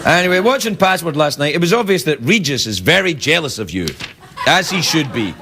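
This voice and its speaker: A man's voice: on the high side, expressive, brisk. A man hosting a late-night talk show, rambling through a comic monologue and viewer emails with self-mocking jokes, recorded in a TV studio. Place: TV studio with live audience. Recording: loud studio audience laughter and noise.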